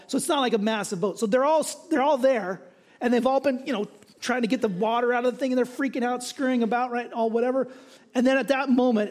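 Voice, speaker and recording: A male pastor preaching a sermon in a conversational, animated way, often checking in with "right?". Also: very high voice.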